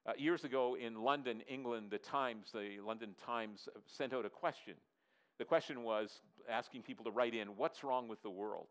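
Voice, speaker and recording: A man, a pastor, preaching a sermon in an earnest, repetitive way, dropping his voice low for emphasis and asking the congregation to answer. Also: normal speed, fairly bright tone, clear, resonant tone. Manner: asks the audience to respond.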